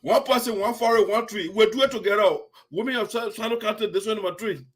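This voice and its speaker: A man's voice: sits high, fast talker, husky. A man with a Liberian accent hosting a political commentary show, teasing and mocking candidates in a playful way. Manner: mocking, playful, repeats phrases with laughter. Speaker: host.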